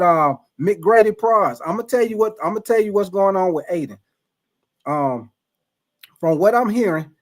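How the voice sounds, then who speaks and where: A man with a somewhat high voice hosts a laid-back live stream, answering viewers one by one. His talk is loose and conversational, full of restarts and stumbles over names. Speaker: live stream host reading chat. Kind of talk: casual live stream chat.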